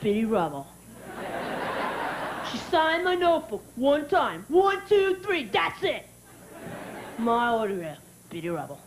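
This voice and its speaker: A woman voicing a boastful, excited nine-year-old kid bragging at school, recorded live in a noisy club. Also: on the high side, measured pace, pauses often. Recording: live club with crowd noise.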